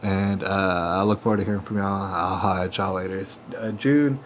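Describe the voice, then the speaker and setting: A livestream host with a low voice and fairly even intonation speaks a little fast, ranting straight to viewers in a defiant, repetitive monologue that keeps working itself up. The phone stream audio is dull and lo-fi with faint noise.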